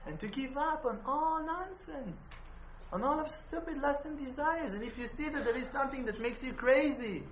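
A man giving a sermon as a rabbi, telling stories with passion. He swings between hushed and loud and uses non-native phrasing and rhetorical questions. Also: very high-pitched, very animated, moderate pace, slight background noise. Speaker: rabbi teaching a Torah class. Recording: roomy, dull-sounding room recording.

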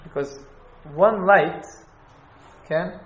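A man teaching an informal class on Jewish law, halting and restarting as he explains. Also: high-pitched. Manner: halting, restarts, Hebrew and Yiddish terms. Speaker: Torah teacher. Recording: echoey, dull room recording.

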